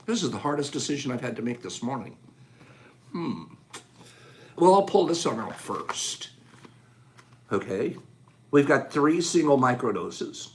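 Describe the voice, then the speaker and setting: A man hosting a casual live chat, calling out items rapidly in a playful, animated way and joking with viewers indoors. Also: mid-range voice. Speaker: livestream host.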